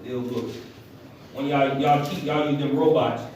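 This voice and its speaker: A man preaching a lively, animated sermon as pastor of a church, acting out voices as he goes. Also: mid-range voice, moderate pace, slight background noise. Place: church hall. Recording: echoey hall, heard from far.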